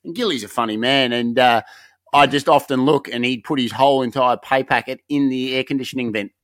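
A man's voice: medium pitch, fairly quick, fairly bright tone, no echo. An Australian man co-hosting a podcast, telling sweary, laid-back stories in casual banter. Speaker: podcast co-host.

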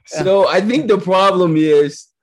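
A man's voice: sits high, slow. A man from Georgia with a Southern American accent, chatting casually as an interview guest, laughing easily and often restarting his sentences. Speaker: guest, actor.

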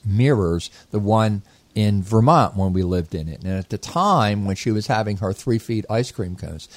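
Low-voiced man explaining, very dry sound. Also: darkish tone, no room sound. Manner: reflective, explanatory, meandering restarts. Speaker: co-host, inner child therapist. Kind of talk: casual conversational teaching.

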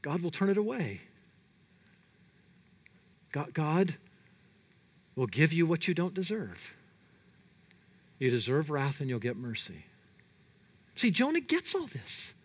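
A man preaching a sermon, animated and dramatic, his delivery full of emphatic rises and drops. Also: on the high side, takes it slowly, long pauses, husky. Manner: animated, dramatic, voices God and Jonah in quotes.

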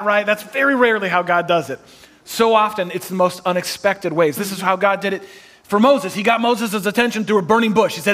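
A man pastor preaching a sermon in an animated, rising style with self-deprecating humor. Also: high voice, quick pace. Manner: animated preaching, builds to shouts.

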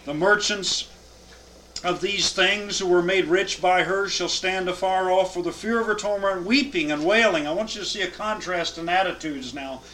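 A man's voice: high-pitched, moderate pace, sharp tone, slight background noise, rough recording. A man teaching a Bible class, reading scripture aloud with emphatic cadence and then explaining it.

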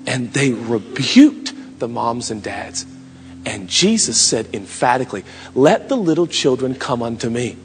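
A man in his thirties preaching a sermon with passion, his voice climbing to shouts and dropping to quiet asides. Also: mid-range voice, sing-song, measured pace, breathy edge. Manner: impassioned preaching, rising to shouts. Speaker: pastor. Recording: long hall reverb, music behind.

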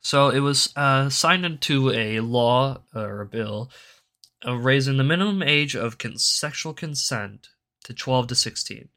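A man's voice: mid-range voice, measured pace, pushed and bright. A young man of about eighteen hosting a solo commentary show, ranting with heavy swearing and rambling off on tangents. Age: young adult, about 18. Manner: profane, rambling, goes off on tangents. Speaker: show host.

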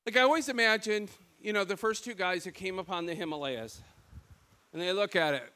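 Michigan guy preaching, talks kinda high and bright, acts stuff out as he goes. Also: fairly quick, clean tone. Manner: animated storytelling, acts out quoted voices. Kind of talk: sermon.

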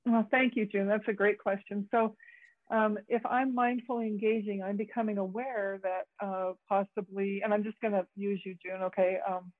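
A woman facilitator teaching a group over a video call, talking haltingly with many fillers and restarts. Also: medium pitch, fairly even intonation, no room sound. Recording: tinny phone-like call audio, dry.

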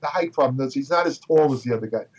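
A man's voice: medium pitch, very fast, recorded from a distance. An older man from Brooklyn, a bodybuilding writer telling anecdotes in a chatty way, with many fillers and restarts. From Brooklyn, New York. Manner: chatty, repeats words, frequent fillers and restarts. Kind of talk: casual anecdotal storytelling.

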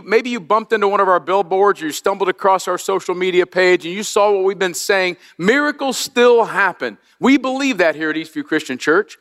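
A man preaching a Christmas Eve sermon, lively and folksy, addressing the congregation directly from a church sanctuary. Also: high-pitched, in a large hall. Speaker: pastor.

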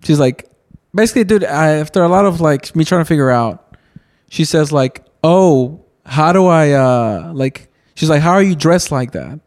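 Young male podcast co-host, slightly high voice, loose rambling storyteller from Texas. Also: lively intonation, moderate pace, hardly any pauses, darkish tone. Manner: rambling storyteller, many restarts and "dude". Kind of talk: casual chat.

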